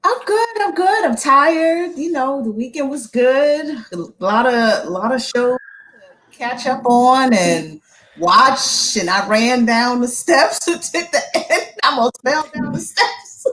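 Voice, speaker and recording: Woman, podcast co-host, high voice, slow pace, playful. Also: lively intonation, fairly bright tone, poor audio. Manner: laughing, playful. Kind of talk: casual podcast chat.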